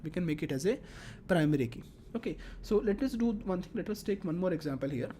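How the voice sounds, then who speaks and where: Repetitive woman lecturing with a mellow voice. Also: on the low side, expressive, quick pace, a little hiss or hum. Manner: explains step by step, repeats phrases, fillers. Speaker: teacher. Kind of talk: classroom lecture.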